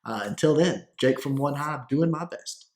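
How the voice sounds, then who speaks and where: A young man hosting a gaming channel, giving relaxed, chatty commentary over gameplay with lots of "uh" and restarts. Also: on the high side, moderate pace.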